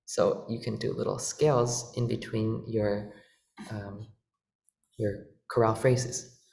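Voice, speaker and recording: A man with a gravelly, creaky voice teaches at the organ, patiently walking through music theory and often correcting himself. The sound is echoey and roomy, with the organ heard behind him. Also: fairly low pitch, little pitch movement, takes it slowly, darkish tone, slight background noise. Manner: patient, explanatory, with frequent fillers and self-corrections. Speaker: organ workshop presenter. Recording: echoey room with organ playing.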